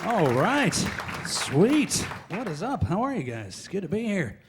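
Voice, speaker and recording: Young guy doing stand-up, jittery and fast, kinda high voice, on stage in a club. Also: huge pitch swings, over a noisy crowd, heavy background noise. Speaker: stand-up comedian. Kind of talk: stand-up comedy set.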